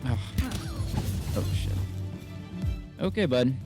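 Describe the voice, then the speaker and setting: A man's voice: medium pitch, sing-song, slow, creaky, over music. Frustrated swearing gamer man. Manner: frustrated, swears often, talks to himself while playing. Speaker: gaming YouTuber. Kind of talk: casual let's-play commentary.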